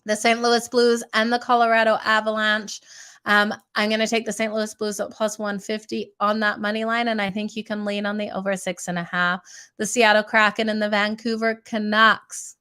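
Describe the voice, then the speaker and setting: A woman hosting a sports betting podcast, her voice raspy and strained today, chatting through picks and calling her viewers "you guys". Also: medium pitch, little pitch movement, normal speed, sharp tone. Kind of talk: casual betting picks rundown.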